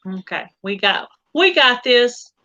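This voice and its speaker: Southern lady hosting a live stream, bright chatty voice, kinda muffled audio. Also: on the high side, animated, slow. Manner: chatty, laughing, asks lots of questions. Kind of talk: casual live-stream chat. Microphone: video call.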